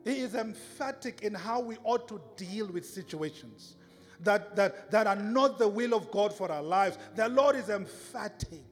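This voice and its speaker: A man preaching a sermon in a church, high-pitched and emphatic, repeating his lines and rising to shouts. His voice rings with a long reverb, and faint music plays behind him. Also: expressive, a little slow.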